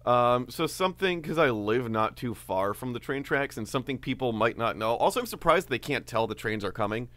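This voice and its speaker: A man co-hosting a podcast, telling a story in a relaxed, casual way with many fillers. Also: mid-range voice, a little fast, few pauses, no room sound. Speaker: podcast co-host.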